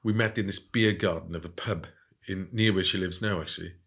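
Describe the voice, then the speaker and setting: A man telling stories in a casual interview, animated and often adding "right?". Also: sits low, brisk, creaky. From Wales. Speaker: guest.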